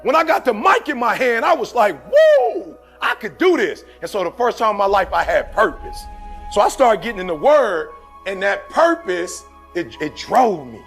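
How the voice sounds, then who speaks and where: A man's voice: high voice, sing-song, normal speed, fairly bright tone. A middle-aged man from Detroit, giving a fiery, slangy motivational speech full of stories. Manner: fiery, preachy, slangy storytelling. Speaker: motivational speaker. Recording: faint music underneath.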